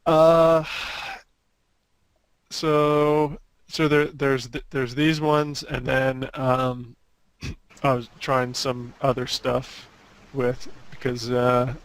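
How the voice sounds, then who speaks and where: A man, a concept artist, casually showing his drawings on a group call and talking in a halting way with many restarts. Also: mid-range voice, little pitch movement, smooth, no room sound, rough recording.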